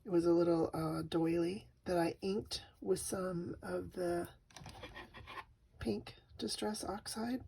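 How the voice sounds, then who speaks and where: A middle-aged woman casually showing her craft work, soft and rambling, with lots of fillers and restarts. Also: on the low side, steady tone, slow pace, vocal fry, slight background noise. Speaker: craft vlogger.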